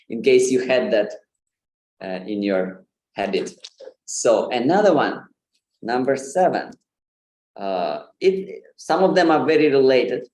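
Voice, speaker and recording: A man's voice: mid-range voice, animated, takes it slowly, long pauses, a little mellow. Man teaching over a roomy video call. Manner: hesitant, many fillers, light laughs. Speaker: Sanskrit pronunciation presenter. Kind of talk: informal online lesson.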